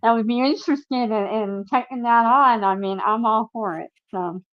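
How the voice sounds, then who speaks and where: A woman's voice: a little high, moderate pace. Earnest woman guest on a lo-fi stream. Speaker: interview guest. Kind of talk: personal testimony in a live interview.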